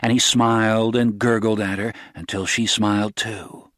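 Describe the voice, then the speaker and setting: A man narrating a novel as an audiobook, in a steady, even storytelling voice. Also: on the low side, normal speed, no echo, studio quality.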